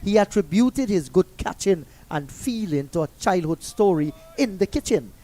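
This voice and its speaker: A man commentating cricket and telling an anecdote in a relaxed way. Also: sits high, moderate pace.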